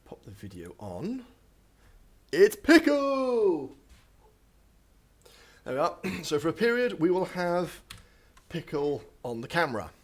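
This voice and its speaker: Coding live at a standing desk in his home office, a young man offers running commentary peppered with ums and asides, a little out of breath. His voice sits on the high side, swings widely in pitch, and moves at a moderate pace.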